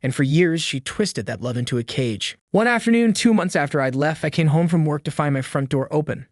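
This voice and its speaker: A man's voice: fairly high pitch, lively intonation, fairly quick, no room sound. Somber male story narrator, dry sound. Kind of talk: scripted first-person story narration.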